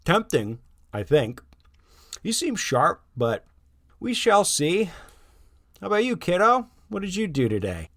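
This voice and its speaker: A man's voice: sits high, wildly swooping pitch, measured pace, pauses often, fairly bright tone, no room sound, clean studio sound, voice pushed up, exaggerated voice. A man voicing a cheerful, teasing suburban father who works in animation. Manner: playful, teasing.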